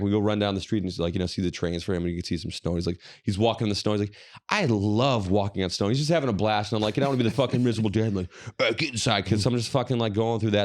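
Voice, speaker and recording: Fast-talking profane man telling stories. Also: lowish voice, darkish tone. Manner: profane, rambling, quoting others. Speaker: podcast co-host. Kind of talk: casual storytelling chat.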